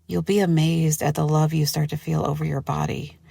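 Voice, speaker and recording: A woman hosting a solo podcast in a low voice with a gravelly edge. She talks casually and gushes, with lots of "like" and fillers. The sound is dry and close, with no room echo. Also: level tone, a little fast, mellow. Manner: chatty, gushing, lots of "like". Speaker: podcast host.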